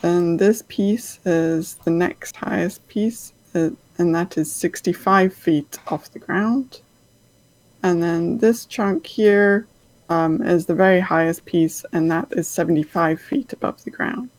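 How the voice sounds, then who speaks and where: A woman narrating as game master of a tabletop game, unhurried and hesitant, often pausing on fillers. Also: fairly low pitch, steady tone, no room sound, poor audio.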